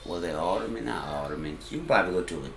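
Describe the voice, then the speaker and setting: A man's voice: low-pitched, expressive, quick pace, creaky, over a noisy crowd. A man, co-hosting a casual podcast chat in an earnest, laid-back, slangy way. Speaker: podcast co-host. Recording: roomy echo.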